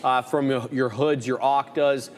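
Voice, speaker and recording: A man's voice: medium pitch, unhurried, in a large hall. A man co-hosting a live trading show, casually rambling through his watch list. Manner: relaxed, rambling, lists stock names.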